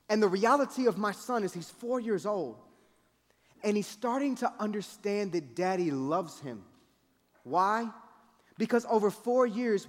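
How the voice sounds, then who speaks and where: A man in his thirties preaching a sermon with passion, moving from loud appeals to hushed pleading. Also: sits high. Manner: impassioned, swings from shouting to hushed pleading. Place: large event hall. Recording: reverberant hall.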